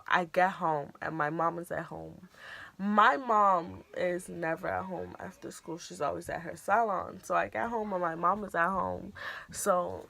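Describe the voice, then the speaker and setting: A young woman vlogger telling a personal story in a casual storytime, animated and acting out the voices she quotes. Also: fairly low pitch, creaky. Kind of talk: storytime vlog.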